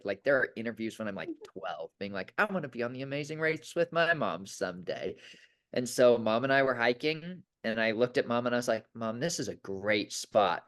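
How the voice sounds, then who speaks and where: A young man, a reality show contestant, telling stories in a casual interview with lots of "like" and quoted dialogue. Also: medium pitch. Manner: excited storyteller, quotes himself, filler "like".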